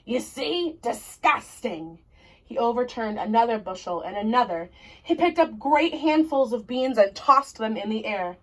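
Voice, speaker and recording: A woman reading a children's story aloud in an expressive, deliberate way. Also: a little high, rough recording.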